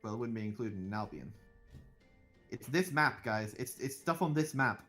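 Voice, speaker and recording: A man's voice: medium pitch, lively intonation, normal speed, fairly bright tone. A man running a tabletop session as game master, his voice swinging up and down as he argues with his players. He sounds exasperated and swears freely, with faint music in the background. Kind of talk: casual tabletop banter.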